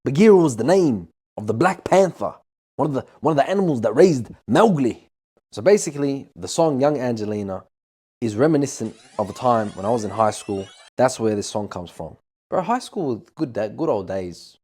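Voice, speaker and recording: A young man tells a story straight to camera. His pitch leaps and dips as he jokes, hams it up and breaks into bits of song. The delivery is loose and playful. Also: normal speed, breathy edge. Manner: animated, jokey, breaks into song and impressions. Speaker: musician and vlogger.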